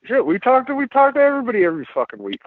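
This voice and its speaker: A man chatting casually on a podcast as a film distributor guest, rambling and swearing a lot as he tells animated stories. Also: very high-pitched, very fast, no room sound. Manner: profane, rambling, animated storytelling. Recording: muffled lo-fi podcast audio.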